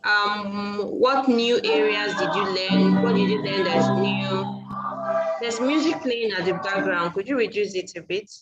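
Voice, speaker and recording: A woman's voice: medium pitch, unhurried, dull audio, over loud music. A woman teaching French over a video call, encouraging and repeating her questions. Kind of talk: online class teaching.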